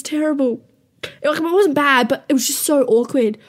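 Young woman, high voice, casual storytelling, rambling, swears a lot, self-mocking. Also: moderate pace. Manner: rambling, profane, self-mocking, laughs often.

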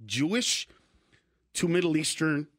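A man from East Los Angeles telling stories in a casual chat, animated and drifting into quick voices of people he quotes. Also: on the high side.

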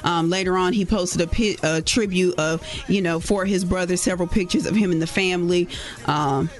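A woman's voice: fairly low pitch, steady tone, normal speed. A woman hosting a morning radio show, recapping news in a chatty storytelling way.

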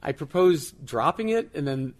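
Lively, amused man in an interview. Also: on the high side, normal speed. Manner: amused, self-interrupting, chuckles often. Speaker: guest, tech journalist. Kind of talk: casual interview answers.

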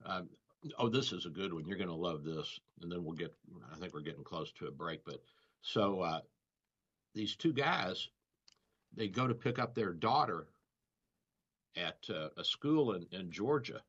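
Rambling radio doctor host, lively pitch. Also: male voice, moderate pace, pauses often, slightly rough. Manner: rambling, storytelling with chuckles. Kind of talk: casual radio banter. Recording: dull lo-fi radio audio.

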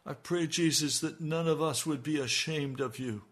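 A man's voice: fairly high pitch, normal speed. A middle-aged male pastor giving a radio sermon and praying earnestly, pleading as he goes. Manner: earnest, pleading prayer that rises in intensity.

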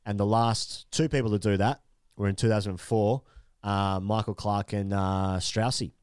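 Low-voiced, chatty man, dry sound. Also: steady tone, normal speed, darkish tone, clean tone, no room sound. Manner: chatty, hesitant, laughing easily. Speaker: podcast co-host. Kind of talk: casual cricket chat.

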